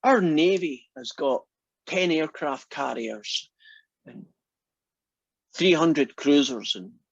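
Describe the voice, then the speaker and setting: A man's voice: on the high side, expressive, takes it slowly, gravelly, breathy edge, no echo, highs cut off, exaggerated voice. A man voicing an exasperated American president in a joke, pleading in growing desperation. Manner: pleading, increasingly desperate questions.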